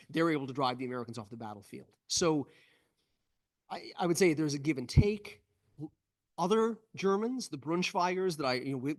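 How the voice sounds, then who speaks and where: A man with a somewhat high voice speaks as a guest historian, answering questions after a lecture. He explains in an eager, detailed way. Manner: explanatory, thoughtful, enthusiastic about details. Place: event room with in-person and online audience.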